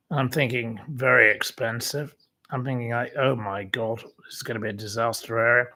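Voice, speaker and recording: A man hosts his own channel in a loose, conversational way, at a middle pitch. He drifts from one aside to the next, filling gaps with ums and restarting his sentences as he tells a long anecdote. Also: normal speed, fairly bright tone. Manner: rambling anecdotal storytelling with many fillers. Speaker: channel host. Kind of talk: casual livestream chat.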